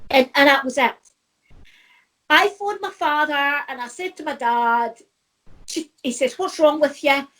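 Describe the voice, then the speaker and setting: High-voiced Scottish woman, heartfelt. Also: measured pace, long pauses, a bit bright. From Scotland. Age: middle-aged. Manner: heartfelt, rambling, restarts often. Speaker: spiritual medium. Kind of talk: personal storytelling.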